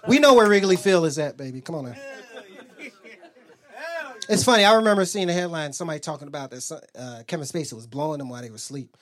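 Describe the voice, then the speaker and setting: Loose, rambling stand-up comic; wide lively swings, mutters asides. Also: medium pitch, fast. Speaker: stand-up comedian. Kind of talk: stand-up comedy set.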